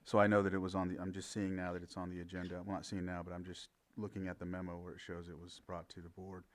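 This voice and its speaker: A man's voice: sits low, completely flat delivery, quick pace. A man speaking as a county supervisor at a public board meeting, matter-of-fact.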